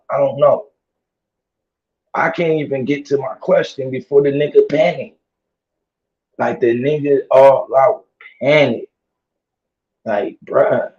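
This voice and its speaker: A man ranting casually to his audience in heavy slang, laughing and repeating himself, his voice strained from yelling. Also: medium pitch, echoey room. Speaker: vlogger. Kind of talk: casual rant to camera. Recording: dull lo-fi audio.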